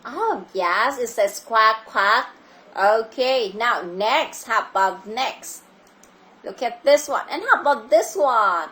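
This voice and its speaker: In an online English lesson, a Vietnamese-accented woman patiently repeats her questions to a child over video. Her voice sits on the high side with a fairly bright tone, swinging widely in pitch as she talks slowly.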